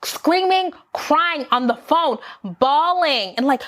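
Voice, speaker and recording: A woman's voice: high voice, slow pace. Candid woman telling a breakup story. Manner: candid, animated, acts out her own quotes. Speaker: vlogger. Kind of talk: personal storytime.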